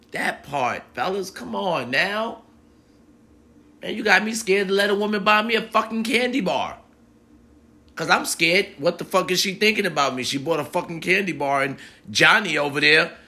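A man rants straight to the listener in a profane, emphatic monologue, acting out both sides of a date as he goes. His voice sits a little high and comes across bright and forceful. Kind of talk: comedic rant monologue.

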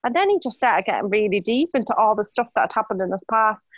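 A woman's voice: mid-range voice, animated, fast, no room sound, muffled recording. A young Irish woman telling dating stories in casual chat, laughing now and then. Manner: chatty storytelling, laughs often.

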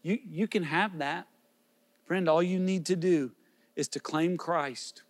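Pastor guy preaching earnest, kinda higher voice, long hall echo behind him. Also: slow pace. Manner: earnest, pleading questions, repeated restarts. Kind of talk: sermon.

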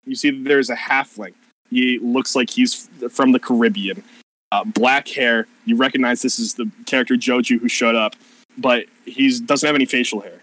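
A man's voice: mid-range voice, normal speed, a bit bright, no echo, rough recording. A man narrating a tabletop game as game master, casual and profane, rambling with plenty of fillers.

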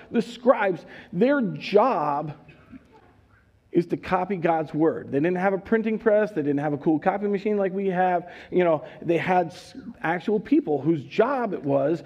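A man preaching a sermon, animated and joking, acting out characters as he goes. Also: high-pitched, husky, dull audio. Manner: animated, acts out voices, jokes. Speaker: pastor.

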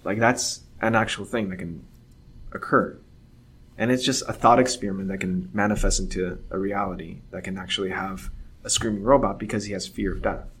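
A man's voice: on the low side, steady tone, a little fast, a bit bright, slightly rough. A man co-hosting a podcast, musing in casual chat with restarts. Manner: musing, thinks aloud with restarts. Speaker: podcast co-host.

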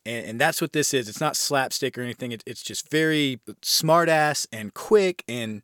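A man's voice: mid-range voice, moderate pace, fairly bright tone, no room sound, studio quality. An American man hosting a horror film podcast, giving a casual, rambling film review and swearing freely.

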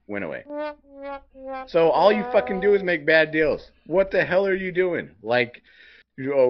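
A man co-hosting a sports podcast, delivering a heated, profane rant. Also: mid-range voice. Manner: profane, fired-up ranting. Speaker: podcast co-host. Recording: dull lo-fi podcast audio.

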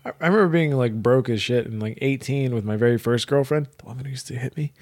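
Fast-talking crude young podcast guy. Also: mid-range voice, a little mellow. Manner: crude, joking storyteller. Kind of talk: casual podcast chat.

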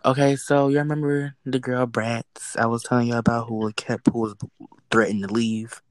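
Animated, cursing storyteller woman. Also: very deep voice, moderate pace, no room sound, rough recording. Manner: animated storytelling that acts out quoted exchanges, swears freely. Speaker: fast-food drive-thru worker. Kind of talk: casual chat, storytelling.

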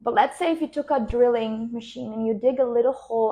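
A woman podcast host and business coach, speaking slowly and soothingly as she guides a relaxation and coaching reflection. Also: fairly high pitch, mellow, muffled recording.

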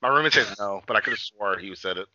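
A podcast co-host talks in loose, casual chat, swearing freely and telling animated stories with lots of energy. His voice is lowish and fast, and the muffled recording has no echo.

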